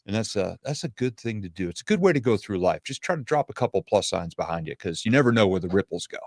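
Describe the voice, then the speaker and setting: A man speaking as a podcast guest and motivational speaker in casual interview chat, with a smooth radio-announcer delivery. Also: on the low side, big pitch swings, fast talker, no echo, clean studio sound.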